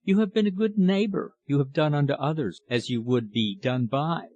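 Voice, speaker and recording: A man reading a calm, consoling village priest. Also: a little high, normal speed, highs cut off, close to an everyday voice. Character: gentle village priest at a deathbed.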